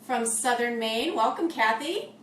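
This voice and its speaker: An upbeat woman with a slightly high voice hosts a live cooking show, narrating what goes into the pan. She sounds distant in an echoey kitchen, with faint background noise. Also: lively intonation, measured pace, fairly bright tone. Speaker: host of a live cooking stream. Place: home kitchen.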